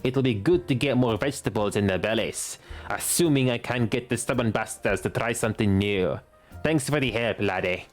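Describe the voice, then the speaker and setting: A man doing a gruff brogue-talking tavern keeper. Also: medium pitch, moderate pace, faint music behind, lightly acted. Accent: put-on Irish or Scottish brogue. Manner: rough, hearty barroom talk. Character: gruff male tavern keeper, brawny and blunt.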